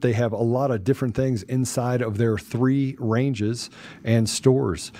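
Guy doing a sponsor read, mellow voice, some ums and uhs. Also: mid-range voice. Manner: steady, filler-heavy. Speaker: show host reading a sponsor ad.

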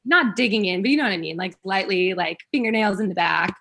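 A woman's voice: medium pitch, quick pace, fairly bright tone, slightly rough. A woman guest on a podcast, telling a dating story with giggles and quoting herself. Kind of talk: casual storytelling chat.

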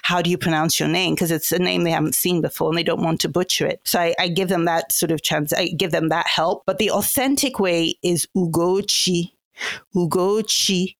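A woman guest talks in an easy, explaining way, often breaking into laughter. Her voice has a gravelly edge. The sound is dry and close. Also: lowish voice, fairly quick, few pauses, no room sound. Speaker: podcast guest. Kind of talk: conversational interview.

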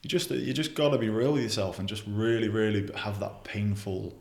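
Young man, blunt and sweary, quick delivery, roomy recording. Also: on the low side, darkish tone. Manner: blunt, frequent swearing, many restarts. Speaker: podcast guest. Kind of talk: casual interview chat.

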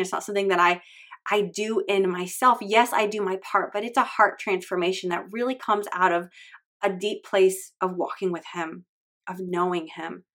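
A woman podcast host in her thirties talks about her faith in an earnest, heartfelt monologue. Her voice sits at a middle pitch, and she sounds close to tears as she speaks. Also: fairly bright tone. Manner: earnest, heartfelt, tearful at times.

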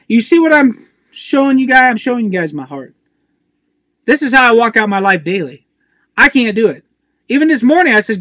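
Intense male preacher, very high bright voice, dry close sound, raw and pleading. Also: animated, fairly quick, dry recording. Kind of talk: emotional sermon to camera.

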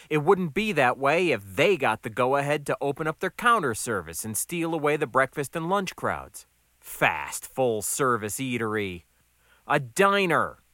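Male narrator, wry, brisk, bright voice, animated pitch. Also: no echo, studio quality. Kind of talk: audiobook narration.

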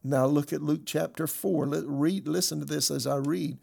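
A man preaching a sermon in a slightly high, gravelly voice. He reads scripture aloud and makes his points with emphasis, building his argument step by step as a pastor speaking to his congregation. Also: steady tone, normal speed, darkish tone.

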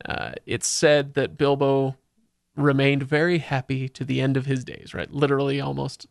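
Gravelly-voiced man hosting a book podcast. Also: mid-range voice, monotone, moderate pace, no room sound, clean studio sound. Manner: chatty, eager to share trivia. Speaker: podcast host. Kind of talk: casual book discussion.

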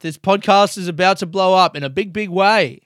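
A young man hosting his podcast in a casual, rambling monologue, excitable and swearing freely. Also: high voice, moderate pace, no room sound, clean studio sound. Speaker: podcast host and comedian.

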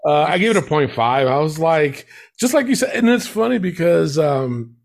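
A man, talking in a loose, rambling way and breaking into laughter as he hosts. His voice sits a bit higher than most men's. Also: very animated, normal speed, creaky. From New York. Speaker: podcast host. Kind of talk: casual chat.

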